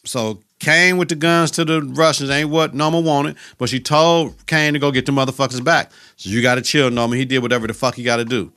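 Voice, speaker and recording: A man's voice: medium pitch, fairly even intonation, brisk, hardly any pauses, bright, forceful tone, smooth. A man hosting a podcast, retelling a TV episode in a casual, profane, slang-filled way. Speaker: podcast host.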